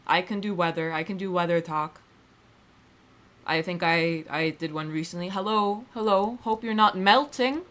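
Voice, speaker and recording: A woman livestreamer chats casually with her viewers, rambling and wry, often restarting sentences and swearing offhandedly. Her voice sits on the low side and is a bit bright.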